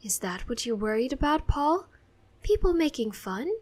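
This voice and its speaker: A woman's voice: sits high, big pitch swings, moderate pace, a little mellow, voice pushed up. A woman voicing a loving, emotional mother who speaks in a tender, tearful way.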